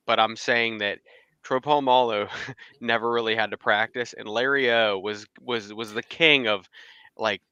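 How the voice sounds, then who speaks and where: A man co-hosting a sports podcast, talking in a blunt, animated way and laughing often. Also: on the low side, measured pace, clean tone, no echo, highs cut off. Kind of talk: casual sports chat.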